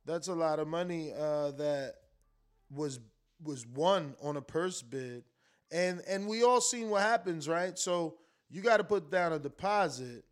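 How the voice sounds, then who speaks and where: High-voiced man chatting boxing with his stream. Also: lively intonation, unhurried, smooth. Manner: loose and conversational, swears, repeats words, argues with the chat. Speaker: live stream host reading super chats. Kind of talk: casual boxing talk on a live stream.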